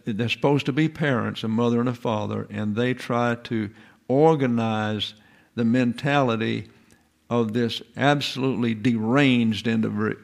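A man teaches in a loose, rambling lecture, posing rhetorical questions to his listeners. His voice carries a gravelly rasp at a middling pitch. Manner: folksy, digressive, asks rhetorical questions. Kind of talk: informal lecture.

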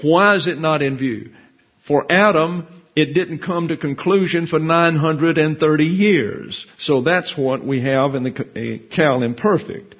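Husky man teaching Bible grammar methodically. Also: a little high, measured pace. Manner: methodical, explains Hebrew grammar terms step by step; reads scripture and quotes from grammar books. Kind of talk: expository Bible lesson. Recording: dull lo-fi recording.

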